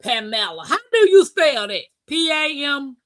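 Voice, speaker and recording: A woman hosting a live-stream talk show, chatting casually, reading comments aloud and telling stories with animated bursts and laughter. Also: high voice, unhurried, dry recording. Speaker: livestream host.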